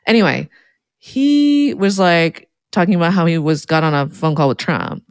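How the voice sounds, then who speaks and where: A woman's voice: fairly low pitch, normal speed, dry recording. A woman co-hosting a podcast in casual chat, wry and offhand, trailing into asides. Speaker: podcast co-host.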